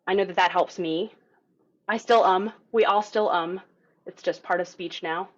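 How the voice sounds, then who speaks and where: In a lowish voice with fairly even intonation and a moderate pace, a woman teaches a group voice lesson over video. Her manner is casual and encouraging, with filler words and demonstrated vocal sounds. The call audio sounds dull and lo-fi.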